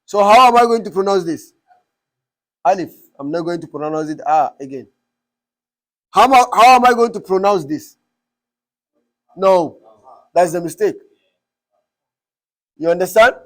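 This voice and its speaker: Man, high voice, classroom teacher, asks questions over and over. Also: expressive, a little slow, pauses often. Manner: quizzing the class with repeated questions. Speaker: Arabic teacher.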